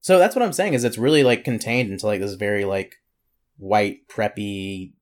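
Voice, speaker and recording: A man's voice: lowish voice, moderate pace. A young man co-hosting a casual comedy podcast, rambling with many fillers and frequent laughter. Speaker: podcast co-host.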